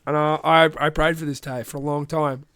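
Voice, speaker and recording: A man's voice: a little high, flat delivery, fairly quick, a bit bright, clean tone, dry recording, studio quality. Rambling Australian man recapping rugby. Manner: rambling, joking, profane. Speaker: podcast host. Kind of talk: casual sports recap podcast.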